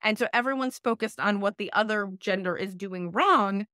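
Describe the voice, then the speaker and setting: A woman's voice: mid-range voice, moderate pace, sharp tone, no echo, studio quality. A woman life coach giving direct, emphatic dating advice in a podcast interview, often repeating key phrases for emphasis. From United States. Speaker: life coach and relationship expert guest.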